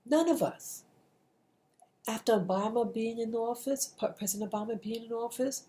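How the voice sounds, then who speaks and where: Her voice is a little high with a dark tone, at normal speed. A middle-aged woman vlogs an earnest motivational message in a casual monologue to camera, restarting sentences often and repeating herself.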